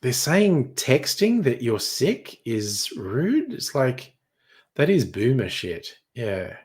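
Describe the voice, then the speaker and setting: A man's voice: medium pitch, huge pitch swings, slow, a little mellow. A young man reading headlines in a casual chat, crude and sardonic, swearing freely. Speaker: streamer.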